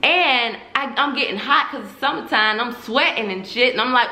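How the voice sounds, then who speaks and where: Young woman YouTuber, frank profane chat to camera, bright tone, roomy echo. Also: a little high, moderate pace. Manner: candid, profane, addresses viewers as y'all. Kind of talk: casual vlog confession to viewers. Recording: echoey room.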